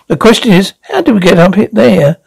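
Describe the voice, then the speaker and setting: A man voicing an eccentric, fussy older male time traveller who sounds flustered and jumps up in pitch. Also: sing-song, fairly quick, vocal fry, breathy edge, no echo, exaggerated voice, low-quality recording.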